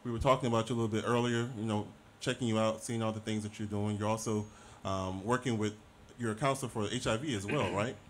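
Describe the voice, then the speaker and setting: An easygoing man hosts a radio talk show, introducing a guest and asking him questions. His voice sits fairly low, with a faint hiss behind it. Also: steady tone, fast. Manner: easygoing, affirming listener. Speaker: host.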